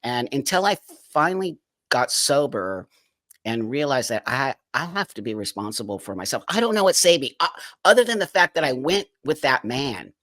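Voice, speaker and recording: A man's voice: mid-range voice, sing-song, normal speed, a bit bright, no echo. A middle-aged man with a plain, mid-range voice tells his own story as an interview guest. He speaks frankly and with animation, sometimes slipping into the voices of people in his anecdotes. The sound is close and dry. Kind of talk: candid personal storytelling.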